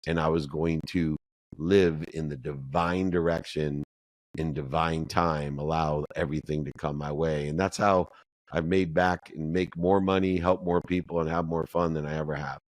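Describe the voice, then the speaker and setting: A very deep-voiced middle-aged man speaks as a podcast guest, recounting his story with lively, animated delivery. He acts out the people in his tale by raising his voice. The sound is close and dry, with no room echo. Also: moderate pace. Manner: animated storyteller, acts out quoted dialogue in a higher voice. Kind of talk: storytelling interview answer.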